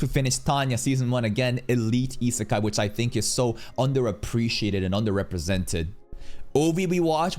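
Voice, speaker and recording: A man streaming casual reaction commentary on an anime film, swearing freely, with sudden loud outbursts. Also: medium pitch.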